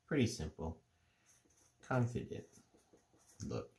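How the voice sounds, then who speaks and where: A middle-aged man calmly explaining, step by step, how to draw cartoon faces. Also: fairly low pitch, gravelly, a little hiss or hum. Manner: relaxed, unhurried step-by-step explaining. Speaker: drawing teacher. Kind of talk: casual drawing tutorial.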